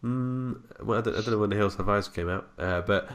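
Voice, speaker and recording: Low-voiced man chatting casually. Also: fairly quick. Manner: relaxed, rambling, laughs often. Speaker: podcast co-host. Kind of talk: casual film chat.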